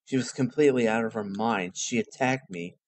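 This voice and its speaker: A man's voice: mid-range voice, fairly quick, dry recording, lightly acted. A man reading the lines of a shaken male investigator in a plain, urgent voice.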